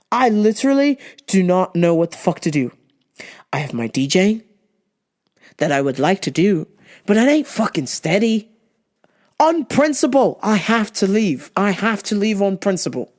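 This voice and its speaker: A young woman telling a story to camera in a casual, exasperated rant, swearing freely and rising to shouts. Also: mid-range voice, lively intonation, normal speed, pauses often. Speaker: vlogger.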